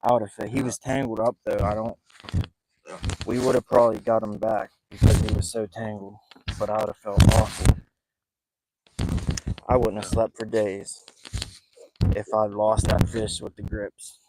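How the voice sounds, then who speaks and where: A man live-streaming a night fishing trip from a small boat, talking in an excited, rambling way and breathing heavily. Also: fairly low pitch, normal speed, pauses often, very noisy. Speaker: fishing vlogger. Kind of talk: live outdoor fishing vlog.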